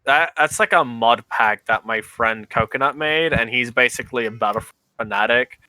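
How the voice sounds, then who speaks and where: A man's voice: medium pitch, moderate pace, pushed and bright, no room sound. A laid-back young man in casual podcast chat who swears offhandedly. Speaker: podcast co-host.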